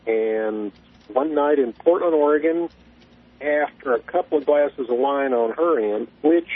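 A man calling in to a radio show, telling a story in a folksy, unhurried way. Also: medium pitch. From Southern US. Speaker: caller. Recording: tinny phone line.

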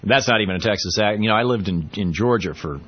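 Husky-voiced male radio talk host. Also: fairly low pitch, fast, muffled recording. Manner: chatty, wry, rambling with many fillers. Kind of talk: casual political talk radio.

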